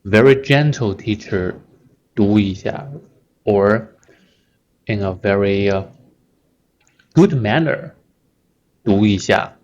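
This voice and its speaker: A man's voice: lowish voice, takes it slowly, long pauses, darkish tone, muffled recording, a little hiss or hum. A man teaching a language lesson, explaining patiently and checking in often with "right?".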